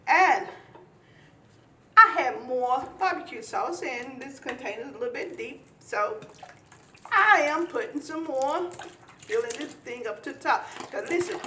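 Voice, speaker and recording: A woman's voice: high-pitched, animated, measured pace, sharp tone. A woman from eastern North Carolina, demonstrating a recipe in a folksy, instructive way. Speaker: home cook demonstrating a recipe. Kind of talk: cooking demonstration. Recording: echoey kitchen, mic at a distance.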